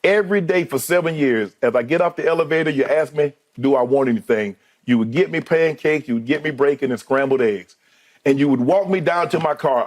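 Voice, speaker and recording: Man in his fifties, heartfelt farewell. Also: medium pitch. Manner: heartfelt, choked up, with halting restarts. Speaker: sports debate TV co-host. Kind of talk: emotional farewell speech.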